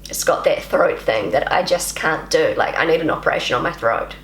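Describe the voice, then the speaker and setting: A woman's voice: low-pitched, expressive, a little fast, slight background noise. Chatty self-deprecating woman, echoey room. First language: English. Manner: self-deprecating, chatty, repeats words while practising. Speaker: language vlogger. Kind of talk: casual talk to camera.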